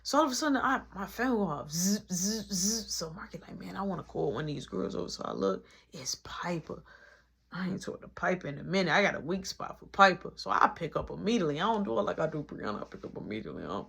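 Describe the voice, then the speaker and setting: A woman tells a long story in an animated, slangy way. Her pitch swings widely and her voice is gravelly and bright. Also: fast. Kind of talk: storytime vlog.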